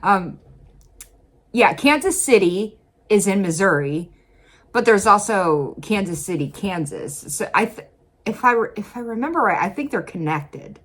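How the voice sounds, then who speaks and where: A woman from Illinois reacting to a video in casual, chatty commentary, laughing often and jumping up in pitch when she stresses a point. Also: expressive, measured pace, a bit bright. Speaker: reaction vlogger.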